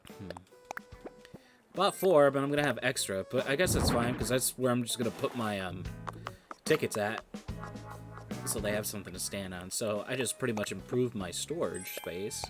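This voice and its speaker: A man's voice: fairly low pitch, normal speed, over loud music. A man streaming a game, giving casual, rambling commentary and joking with his viewers.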